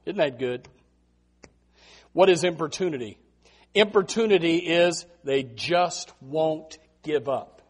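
A male pastor preaching in a lively, storytelling way, with a voice that sits high for a man. He keeps repeating words as he goes and swings between quiet asides and loud bursts. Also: slow, long pauses, slightly rough. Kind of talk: sermon.

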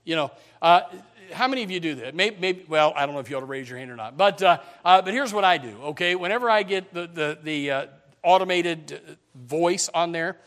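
A middle-aged man preaches to his congregation in a high, light voice. He talks in a folksy, rambling way, repeating words and joking. His sermon sounds like a casual chat with the people in front of him. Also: animated, brisk, fairly bright tone. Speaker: pastor.

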